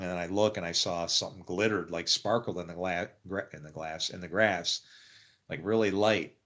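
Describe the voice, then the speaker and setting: A middle-aged man telling a personal story in a casual, rambling way, often laughing and acting out what people said. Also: sits low. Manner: rambling, animated, quick to laugh and quote people. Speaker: actor telling his faith story.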